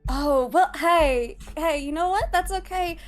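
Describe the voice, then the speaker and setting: A woman's voice: very high-pitched, unhurried, faint music behind, pitched above the performer's own voice. A woman playing a flustered, awkward young commoner. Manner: flustered, stammering.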